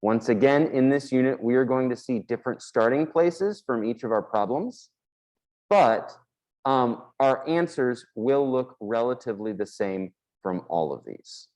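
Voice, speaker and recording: A man's voice: mid-range voice, a little slow, darkish tone, rough recording. Male math teacher, casual board lecture, plain mid-range voice. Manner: casual, explanatory, with fillers; talks while drawing on a board.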